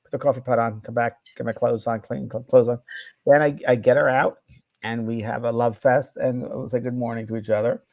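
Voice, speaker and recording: Brief: mid-pitched man, easygoing rambling co-host, dry close sound. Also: brisk, creaky, no echo. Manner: relaxed, rambling, full of filler words. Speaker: co-host, psychic medium. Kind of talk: casual chat.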